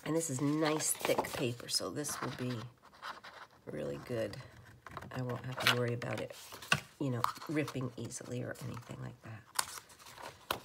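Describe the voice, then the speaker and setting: Low gravelly woman chatting while crafting. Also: moderate pace, long pauses, background noise. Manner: chatty, rambling, often drops to a soft whisper. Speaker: crafter making journal ephemera. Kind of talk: casual crafting chat. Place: home craft table.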